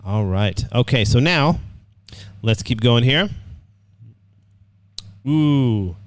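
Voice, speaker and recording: An upbeat man teaches an online class over a computer microphone, with a voice of ordinary middle pitch. He often repeats himself and checks in with the students. The sound is dry and close. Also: lively intonation, extremely slow, dry recording. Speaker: English writing teacher.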